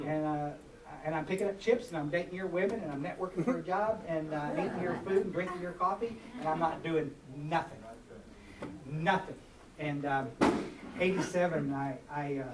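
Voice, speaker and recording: Man, folksy and rambling, roomy hall, distant mic, background noise. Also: on the high side. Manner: folksy, rambling, self-mocking, with lots of fillers. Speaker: speaker at a recovery workshop. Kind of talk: personal share to a live group. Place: meeting hall. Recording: echoey room, far from mic, noisy.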